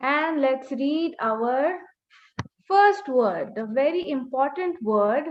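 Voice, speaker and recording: High-voiced teacher, muffled webinar. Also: female voice, animated, takes it slowly, a little hiss or hum. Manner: patient, repeats key points, models sounds. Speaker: Mandarin teacher. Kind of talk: online language lesson. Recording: slightly muffled webinar audio.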